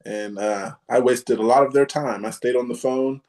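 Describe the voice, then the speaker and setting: A man hosting a casual group chat, halting and full of fillers, with a sarcastic streak. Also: medium pitch, fairly even intonation, darkish tone. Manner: halting, many fillers, self-described sarcastic. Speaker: podcast host.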